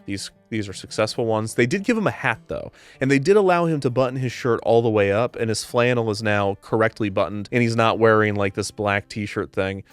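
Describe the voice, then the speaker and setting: A man's voice: lowish voice, brisk, few pauses, dry recording, soft background music. A man hosting a comedic commentary show, ranting in an exasperated, sarcastic way.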